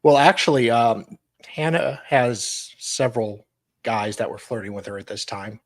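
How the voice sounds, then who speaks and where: A man's voice: mid-range voice, fairly even intonation, unhurried. A man in a casual livestream chat who mostly chimes in with short, agreeable replies.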